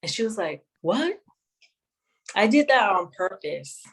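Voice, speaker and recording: A woman sharing a personal testimony in an interview, speaking in a measured, reflective way with many pauses. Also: medium pitch, lively intonation, a bit bright, poor audio. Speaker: guest sharing her testimony.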